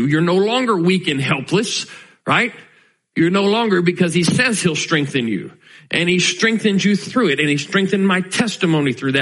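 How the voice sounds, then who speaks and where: A man preaching a sermon, earnest and conversational, slowing down to stress key lines. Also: high-pitched, fairly bright tone, low-quality recording. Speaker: pastor.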